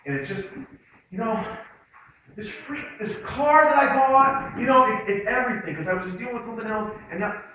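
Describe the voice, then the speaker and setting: A man voicing a frustrated male customer who talks in a halting, flustered way, heard in an echoey hall from a distance. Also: high voice, pushed and bright, slight background noise, voice pushed up.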